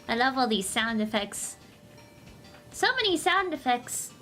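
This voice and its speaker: A woman's voice: a little high, very animated, a little slow, pauses often, sharp tone, soft background music. A woman streamer reading comics aloud on a casual livestream, tossing in joking asides and giggles.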